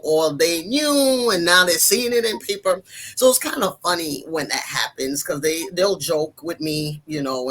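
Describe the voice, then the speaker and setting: Casting: middle-aged woman counselor, animated storyteller in a casual interview. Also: on the low side. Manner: animated storyteller acting out family quotes. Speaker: guest counselor and author.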